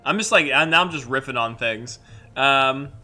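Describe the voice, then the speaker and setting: A young adult man, a host and voice actor, chatting casually on a livestream in a rambling, animated way with many fillers. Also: medium pitch, moderate pace, soft background music.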